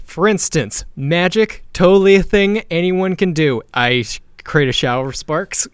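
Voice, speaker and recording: A man playing a tabletop role-playing game, slipping into loud, brash in-character speeches. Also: high voice, unhurried, few pauses, clean tone, dry recording. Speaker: tabletop player.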